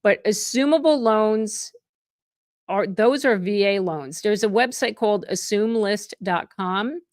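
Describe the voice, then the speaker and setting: A woman's voice: mid-range voice, a little slow, no echo, clean studio sound. Chatty upbeat woman realtor on a live stream. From New Jersey. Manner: chatty and upbeat, greets viewers by name with excited bursts. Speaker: real estate agent hosting a live stream. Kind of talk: casual live-stream chat reading viewer comments.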